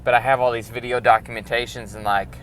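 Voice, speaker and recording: A man's voice: medium pitch, level tone, fast, a bit bright, slight background noise. A young man from Arkansas talking about his art in a loose, rambling documentary interview, full of filler words. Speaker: performance artist.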